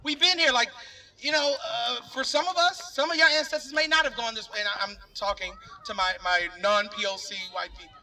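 High bright voice of a rally speaker. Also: male voice, fairly quick. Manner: earnest, talks directly to the crowd with "y'all". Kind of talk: impassioned public speech. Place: outdoor park rally. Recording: voice picked up from a distance.

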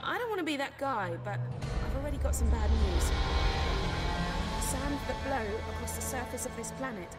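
A woman's voice: sits high, animated, normal speed. A woman playing a chatty, upbeat female sidekick in a video game, talking casually with slang. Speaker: game companion character. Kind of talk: game voice acting. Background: game music.

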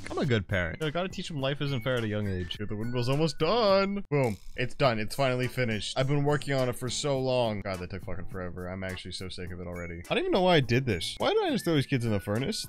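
A young man commenting on his own gameplay in a sarcastic, joking way. His voice has a middling pitch but swings widely up and down, jumping into loud squeals. Faint music plays behind him. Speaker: gameplay YouTuber.

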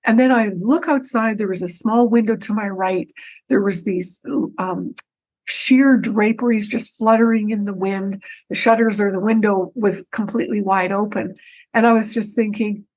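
A woman guest on a podcast, telling a personal story in an animated way, with frequent restarts and repeated words. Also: mid-range voice, moderate pace, poor audio. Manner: animated, breaks into her own quoted speech.

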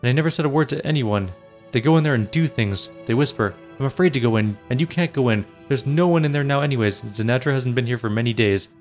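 A man's voice: medium pitch, fast, soft background music, lightly acted. A man voicing a nervous young male cleric who stutters and pleads. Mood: frightened. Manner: stammering, pleading.

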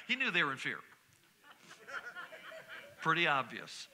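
A middle-aged male pastor delivers a sermon from the pulpit of a church. His voice sits high for a man and rings very bright and forceful. He drives home repeated refrains and climbs into sudden shouts. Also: very animated, a little fast, long pauses. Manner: preaching with call-and-response repetition and sudden shouts. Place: church sanctuary.

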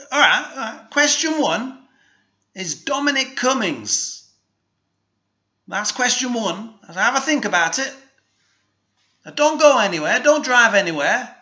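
Bright-voiced man with a put-on Northern English accent. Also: very high-pitched, sing-song, lo-fi sound. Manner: halting, full of fillers and restarts. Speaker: comic DJ host. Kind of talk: rambling comedy monologue.

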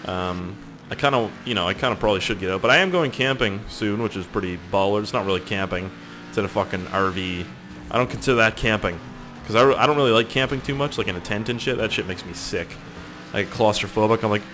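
A man's voice: lowish voice, expressive, quick pace, a bit bright, soft background music. A young man giving casual, rambling gameplay commentary, swearing and joking with viewers. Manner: rambling, profane, jokey, talks to viewers. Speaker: gaming YouTuber.

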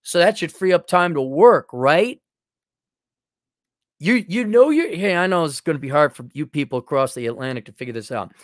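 A man's voice: fairly high pitch, expressive, normal speed, no echo, studio quality. Sarcastic man reading a viewer's letter. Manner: sarcastic, mocking, blunt. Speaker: host.

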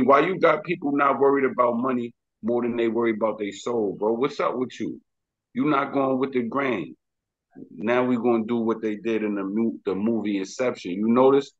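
A man's voice: medium pitch, moderate pace, highs cut off. A man from the Bronx with a New York accent, talking as a rapper guest in a rambling, slangy, emphatic way. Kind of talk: casual interview talk.

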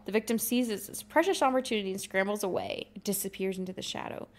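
A woman's voice: mid-range voice, quick pace. A woman podcast co-host reading an interactive horror story aloud, dramatic and amused, breaking into chat with her co-host.

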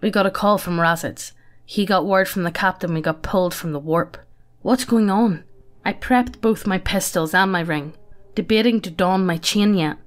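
A woman's voice: mid-range voice, moderate pace. A woman narrating a sci-fi story aloud in a matter-of-fact, casual way, often breaking into laughter.

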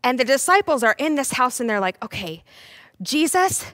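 A young woman teaching a children's Bible lesson, playful and animated, talking straight to the kids. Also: high-pitched, fast, smooth, dry recording, studio quality.

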